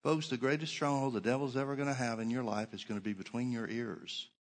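A middle-aged male pastor preaching a Bible sermon, stressing key phrases by slowing down and repeating them. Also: medium pitch, fairly even intonation. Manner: preaching with shifting emphasis, slows to stress points.

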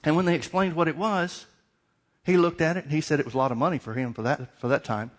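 A man's voice: a little high, steady tone, quick pace. Man preaching a conversational sermon. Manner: conversational preaching with repeated questions and acted-out dialogue. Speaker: pastor.

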